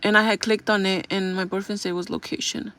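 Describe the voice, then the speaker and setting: A woman's voice: medium pitch, flat delivery, quick pace, a bit bright, no room sound. Chatty young woman rambling with fillers. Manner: rambling, filler-heavy storytelling with frequent "like". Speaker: vlogger. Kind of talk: casual chat.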